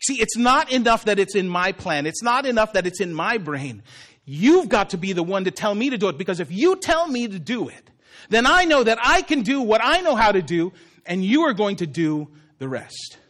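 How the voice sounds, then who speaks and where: A man's voice: high-pitched, very animated, moderate pace, fairly bright tone. A male pastor preaching a sermon, telling the story with humor and acted-out voices.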